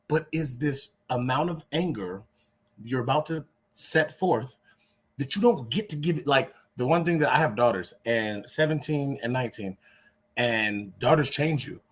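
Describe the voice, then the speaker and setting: A man in his forties talking in a casual panel, emphatic, swinging between loud bursts and quiet asides. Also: slightly rough. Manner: emphatic, swings from loud to low, restarts a lot. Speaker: podcast co-host.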